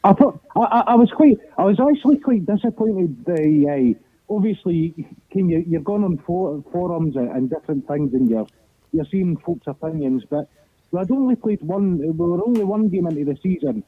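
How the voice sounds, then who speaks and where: A Scottish man with an Edinburgh accent rings in over a thin, tinny phone line, his voice sitting a bit high and husky. He rambles through his point with constant false starts and offhand swearing. The sound is dry, with no room around it. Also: lively intonation, normal speed, no echo. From Scotland. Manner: rambling, stumbling restarts, swears casually. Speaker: caller. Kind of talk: phone-in football chat.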